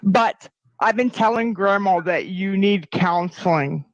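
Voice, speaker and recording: A woman's voice: mid-range voice, a little slow, no echo, highs cut off. A mother defending herself in a heated family argument.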